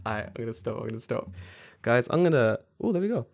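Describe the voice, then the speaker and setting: An excitable man co-hosting a casual podcast. He laughs often and swears freely as he chats, in a voice of middling pitch. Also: a little fast. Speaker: podcast co-host. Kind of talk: casual chat.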